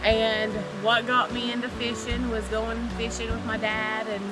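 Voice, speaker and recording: A woman's voice: on the high side, monotone, measured pace, loud music behind the voice, poor audio. A woman, the angler on an outdoor show, introducing herself briefly and shyly, recorded outdoors some way from the mic. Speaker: angler co-host. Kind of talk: casual self-introduction.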